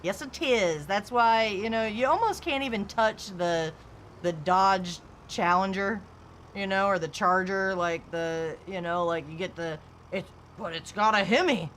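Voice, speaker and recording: A woman's voice: medium pitch, measured pace, a bit bright, a little hiss or hum. A woman streamer chatting casually, telling car stories and laughing often. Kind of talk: casual chat.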